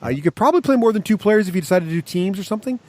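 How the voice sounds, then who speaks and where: Fast, lively enthusiastic man. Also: high voice. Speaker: podcast co-host. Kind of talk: casual chat.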